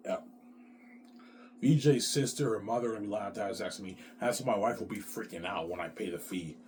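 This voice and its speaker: Rambling profane man, low voice, faint noise. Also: a little fast, darkish tone. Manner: quotes others in brief put-on voices. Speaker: show host. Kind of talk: rambling monologue.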